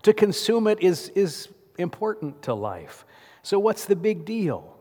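A man's voice: high-pitched, sing-song, a little slow, mellow. A male pastor preaching a sermon in a church sanctuary. He tells the story vividly and keeps asking the congregation rhetorical questions. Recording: long church reverb.

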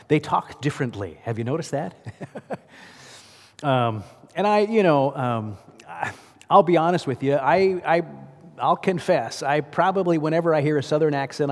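A male pastor's sermon is casual and conversational, often turning to the congregation with questions. The big church sanctuary lends his expressive, mid-pitched voice a long reverb, and he speaks at normal speed.

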